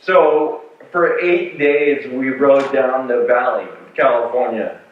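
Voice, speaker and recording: Slow-talking man in an echoey hall. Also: medium pitch. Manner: storytelling, many fillers and restarts. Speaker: speaker sharing a patient story. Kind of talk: conference talk with slides. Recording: far-off mic in echoey hall, phone-like sound.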